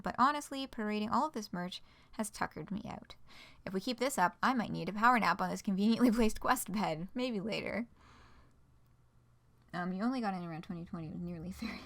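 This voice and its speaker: A woman's voice: mid-range voice, fast, gravelly, a bit bright. A woman streamer reading a fan project announcement aloud, breaking off for playful, dry asides.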